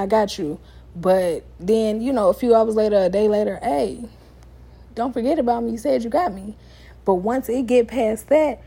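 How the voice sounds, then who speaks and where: A young woman hosts a casual solo advice podcast late at night, sounding tired yet sassy and conversational, with animated asides. Her voice is mid-range with a breathy edge.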